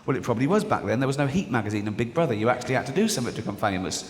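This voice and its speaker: A man's voice: medium pitch, big pitch swings, very fast. A middle-aged man with an English accent doing a stand-up comedy routine on a theater stage. He tells his stories sardonically, with bursts of mock outrage. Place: theater stage before a live audience. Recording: live theater with long reverb and audience noise.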